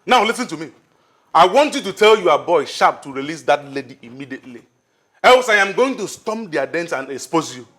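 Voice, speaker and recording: Nigerian drama tough guy: bright, firm, threatening. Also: a little high, sing-song, fairly quick. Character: confident man issuing threats to a woman.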